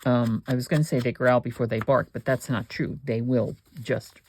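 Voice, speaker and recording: A woman's voice: very deep voice, steady tone, moderate pace, a little mellow, slight background noise. A woman hosting a crafting video, chatting and thinking aloud with rambling asides while she works. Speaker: crafting channel host.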